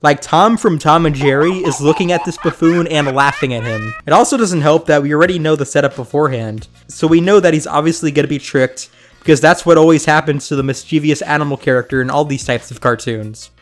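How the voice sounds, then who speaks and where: A man's voice: on the high side, fairly quick, faint music behind. A young man hosting a sarcastic review of old cartoons. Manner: sarcastic, mocking. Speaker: host.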